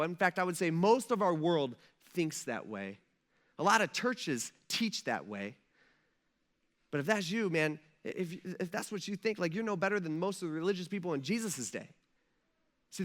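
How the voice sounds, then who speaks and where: A male pastor preaching a sermon in a conversational, animated way, full of casual asides. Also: high-pitched. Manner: conversational and animated, with many fillers.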